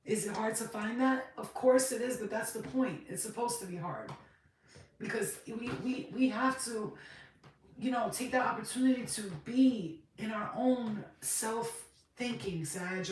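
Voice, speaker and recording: A woman's voice: fairly high pitch, slight background noise. Emotional woman doing a reading, swears a lot, super echoey room, mic far away. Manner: emotional, emphatic, swears freely. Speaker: tarot card reader. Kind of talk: casual spiritual reading vlog.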